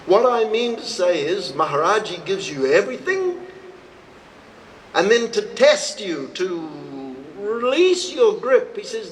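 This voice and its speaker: A man, a swami, giving a devotional talk to a live audience, telling stories slowly and acting out the dialogue. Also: a little hiss or hum, low-quality recording. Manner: slow, storytelling, acts out dialogue with expressive rises in pitch. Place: retreat hall, recorded live.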